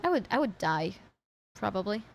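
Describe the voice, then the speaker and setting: On a casual reaction stream, this VTuber, a woman from France, speaks English with a light French accent at a moderate pace. Her mid-range voice is gravelly and swings widely in pitch, recorded dry. She chats away, interrupting and restarting herself and swearing without much thought.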